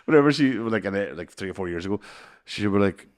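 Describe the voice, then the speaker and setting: A man's voice: lowish voice, fast talker. A Northern Irish man in his thirties telling stories in a casual, sweary chat, laughing often. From Northern Ireland. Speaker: podcast host.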